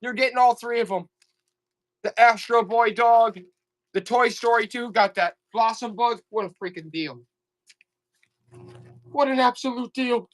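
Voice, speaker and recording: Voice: unhurried, pauses often. A live online auction seller doing comic, exasperated hype, repeating offers and pleading with the audience. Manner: repetitive, urgent pitch talk. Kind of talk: live selling stream patter.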